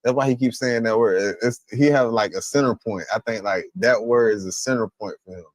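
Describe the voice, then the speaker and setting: A man's voice: on the low side, a little fast, no echo. A man hosting a stream who gives rambling, profane reaction commentary and sometimes gropes for words. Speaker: stream host.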